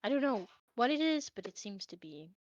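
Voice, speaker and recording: A woman voicing Haru, a calm, measured male companion, speaking in a soft, subdued voice. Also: fairly high pitch. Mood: earnest. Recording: dull, dry lo-fi audio.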